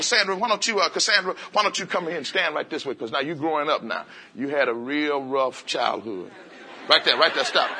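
A man leads a lively, interactive sermon in a church, his voice pitched high for a man and sharply bright. He coaxes answers out of the congregation and fires off repeated phrases in call-and-response bursts. Faint congregation voices sit behind him. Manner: coaxing call-and-response, drawing answers from the room. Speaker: preacher. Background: congregation voices and laughter.

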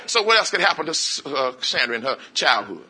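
A man preaching an interactive sermon, coaxing answers from the congregation and repeating phrases in quick call-and-response bursts. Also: mid-range voice, sing-song, bright, forceful tone, breathy edge. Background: congregation voices and laughter.

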